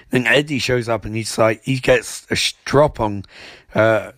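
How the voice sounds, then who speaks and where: A young man recapping a TV episode in a mocking, rambling way, tossing off quick impressions of the characters. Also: on the low side, fairly even intonation, fairly bright tone, no room sound, studio quality. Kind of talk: sarcastic comedic episode recap.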